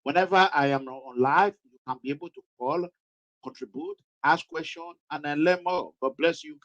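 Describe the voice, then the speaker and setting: A man's voice: fairly high pitch, moderate pace, fairly bright tone, dull audio. A man with a Nigerian English accent, hosting a live online talk show with dramatic, emphatic announcing. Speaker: host.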